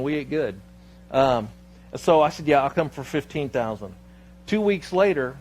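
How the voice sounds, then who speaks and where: A man preaching a sermon as pastor, telling a personal story with lively quoted dialogue before turning to scripture. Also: mid-range voice, a little hiss or hum. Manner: storytelling, animated, quoting others in his anecdotes. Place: church sanctuary.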